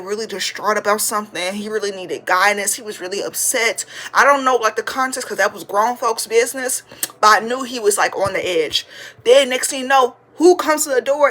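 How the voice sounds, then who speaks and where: A woman in her twenties from Louisiana hosting a podcast, telling childhood stories in an animated, slangy, profane way and addressing listeners as y'all. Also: a little high. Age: 20s. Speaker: podcast host. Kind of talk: casual storytelling.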